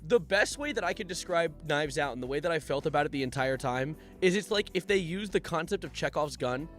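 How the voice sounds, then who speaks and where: A young man live streaming, chatting casually, joking around and reading out donations in an animated way. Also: on the high side, a little fast, faint music behind. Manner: jokey, animated, reads donations aloud. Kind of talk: casual livestream chat.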